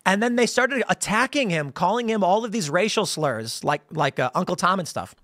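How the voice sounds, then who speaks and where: An American man with a high-pitched voice hosts a casual political commentary monologue. He rambles through animated stories, restarting sentences and laughing as he goes. The sound is dry and close, with no room echo. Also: moderate pace. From United States. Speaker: political commentary show host.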